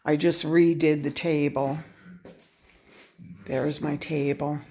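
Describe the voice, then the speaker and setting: A woman giving a casual, unhurried tour of her home craft room, pointing things out one by one. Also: low voice, level tone, mellow.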